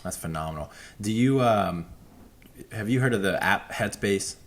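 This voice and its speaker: A man's voice: fairly low pitch, expressive, moderate pace. A man hosting a podcast interview, affirming and enthusiastic toward his guest. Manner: affirming and enthusiastic, frequent agreement. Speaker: podcast host.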